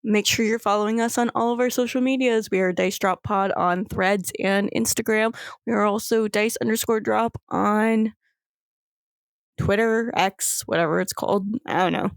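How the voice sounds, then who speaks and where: A woman's voice: mid-range voice, fairly even intonation, normal speed, creaky, clean tone, dry recording, clean studio sound. A woman running a tabletop game podcast as game master, rambling and giggly with lots of fillers.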